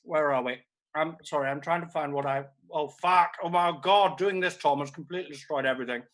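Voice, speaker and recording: A man's voice: fairly high pitch, pushed and bright, poor audio. A male comedian playing a vain, self-absorbed aging stage actress, hosting a streamed comedy show from home with camp, theatrical, sweary delivery. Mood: grandiose. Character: vain grande dame actress, middle-aged woman, theatrical and self-absorbed. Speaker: comedian host. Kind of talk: live-streamed character comedy. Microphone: laptop or streaming mic.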